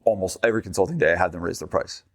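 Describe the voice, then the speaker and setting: A middle-aged man hosting a casual business podcast, telling animated stories and often repeating words as he starts a sentence. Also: low-pitched, racing, dry recording, clean studio sound. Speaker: podcast host and gym business coach.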